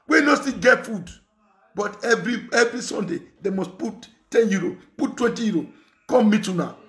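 A man's voice: high voice, gravelly. Angry Nigerian man ranting in pidgin. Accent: Nigerian Pidgin English. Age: young adult. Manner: shouting insults, mocking laughter, repetitive. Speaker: online commentator. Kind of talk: angry rant.

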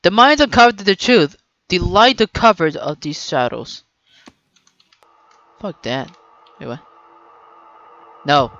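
A gameplay commentator who swings between loud, sweary yelling at the game and low muttering to themself. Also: very animated, slow pace, long pauses, no echo, lo-fi sound. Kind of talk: let's play commentary.

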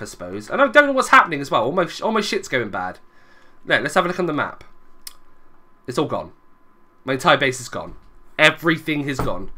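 A young man narrates his own gameplay in a loose, chatty stream of commentary. His voice is bright and ringing, and his pitch rises and falls a lot. He keeps muttering small asides to the people watching. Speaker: gaming video creator. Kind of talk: let's play commentary.

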